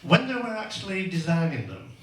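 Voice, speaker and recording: Bloke doing stand-up, crude rambling camping stories, bouncy voice, echoey club picked up from a way off. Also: male voice, on the high side, wildly swooping pitch, fairly quick. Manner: crude, rambling family anecdotes with lots of tag questions. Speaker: stand-up comedian. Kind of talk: stand-up comedy routine. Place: comedy club stage. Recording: echoey venue, mic far off.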